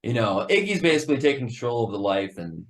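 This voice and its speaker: A man who plays in a metal band, a guest in a casual podcast interview, talking in an excitable, profane way and laughing often. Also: medium pitch, quick pace.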